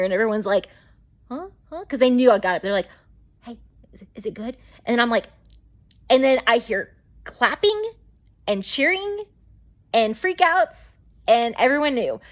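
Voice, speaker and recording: A woman vlogger telling her own story in a chatty, rambling way with lots of fillers. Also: fairly high pitch. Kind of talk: casual storytelling to camera.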